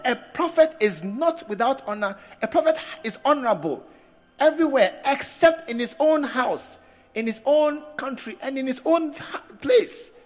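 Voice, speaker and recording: A man preaching a sermon to a congregation, animated, with laughing asides and drawn-out emphasis. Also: very high voice. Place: large hall with congregation. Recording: echoey hall from a distance.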